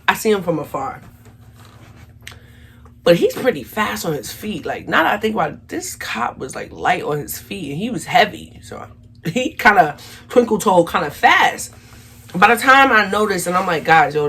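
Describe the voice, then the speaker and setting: A young woman with a New York accent telling a storytime vlog, animated and acting out the quotes, talking straight to her viewers. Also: on the low side, slight background noise. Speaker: vlogger.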